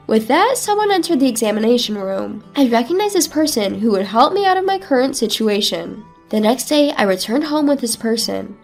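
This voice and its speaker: Woman, story narrator, high pitched, earnest, resolute, faint background music. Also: expressive, normal speed, few pauses. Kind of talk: first-person story narration.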